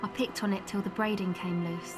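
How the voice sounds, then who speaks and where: A woman's voice: medium pitch, fairly even intonation, brisk, lightly acted. An actress playing a young woman field recordist in a game, talking in a blunt, casual, slightly awkward way. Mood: matter-of-fact. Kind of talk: game dialogue. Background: game music.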